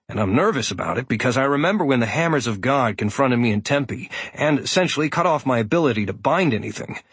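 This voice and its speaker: A man voicing a wry, cautious seasoned male druid who reasons in a measured way. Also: mid-range voice, slightly rough, no room sound.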